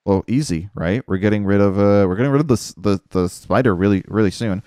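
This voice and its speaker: A man's voice: on the low side, fast, a little mellow, clear, resonant tone, dry recording, clean studio sound. A man streaming a game with casual commentary, talking to himself, mocking his own moves and swearing now and then. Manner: self-mocking, talks to himself while playing; swears casually, says dude a lot. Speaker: gaming streamer.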